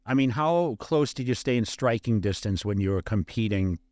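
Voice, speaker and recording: A man hosting a podcast, asking long rambling questions in an animated way. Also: fairly low pitch, moderate pace, no room sound. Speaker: podcast host. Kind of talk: casual interview chat. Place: studio, podcast.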